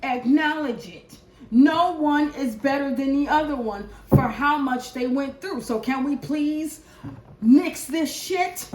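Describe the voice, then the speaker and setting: A high-pitched woman gives a preachy, cursing tarot reading. She speaks slowly and deliberately, sometimes loud and sometimes near a murmur. Her voice rings around an echoey room over a faint background hiss. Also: expressive. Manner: profane, preachy, swings from shouting to hushed prayer. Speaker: tarot reader. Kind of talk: impassioned collective reading rant.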